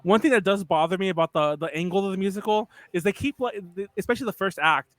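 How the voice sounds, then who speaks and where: Young male co-host, higher pitched, emphatic and argumentative, dry close sound. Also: no echo. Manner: emphatic, argues in quick restarts. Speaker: podcast co-host. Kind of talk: casual group chat.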